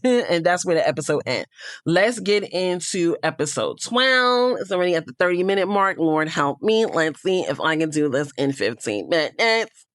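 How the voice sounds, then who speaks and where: A woman's voice: low voice, sing-song, normal speed, fairly bright tone, no room sound, clean studio sound. A woman hosting a casual reality TV recap, chatty and gossipy, with frank asides.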